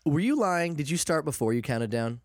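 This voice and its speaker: A man's voice: on the high side, brisk, loud music behind the voice. A man hosting a casual podcast chat, joking and swearing freely as he tells stories. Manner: profane, joking, animated storyteller. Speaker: podcast host.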